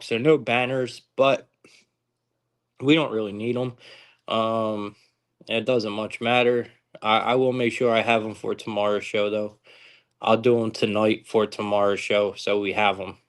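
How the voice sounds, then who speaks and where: A man's voice: on the low side, clear, resonant tone. A young man hosting a live sports-betting stream, talking casually with frequent swearing and exasperated outbursts. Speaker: sports betting show host.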